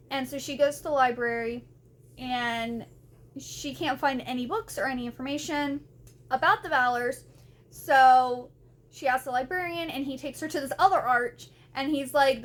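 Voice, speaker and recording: Woman, young adult, high voice, chatty, rambling casual book recap. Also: a bit bright. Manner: chatty and rambling, often says "like". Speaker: book vlogger.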